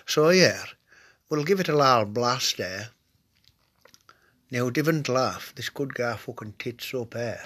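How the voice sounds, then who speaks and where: A man with a Cumbrian accent and a cold hosts a comedy podcast, delivering a crude, rambling comic monologue heavy with dialect and swearing, often trailing off into mutters. His mid-range voice is expressive and a bit bright, a little slow, with frequent pauses.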